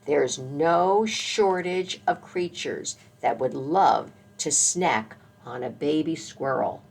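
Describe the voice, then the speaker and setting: A woman voicing a fierce, protective mother squirrel in a storybook read-aloud, with a shrill chattering scold. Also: animated, slow pace, gravelly, a little mellow, slightly rough, far from the mic, exaggerated voice. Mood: stern.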